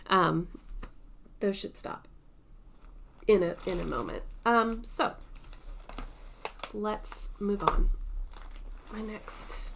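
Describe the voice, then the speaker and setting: Woman, slow unhurried pace, casual show-and-tell chat, chatty crafting vlogger, soft asides. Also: mid-range voice, vocal fry. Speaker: cross-stitch vlogger.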